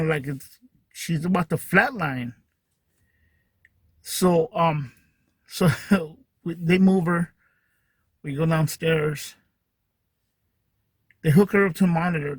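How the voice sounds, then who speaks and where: A podcast host tells a long personal story in a casual monologue, rambling with plenty of fillers and restarts. His voice is slightly high with a breathy edge, and the recording is dry.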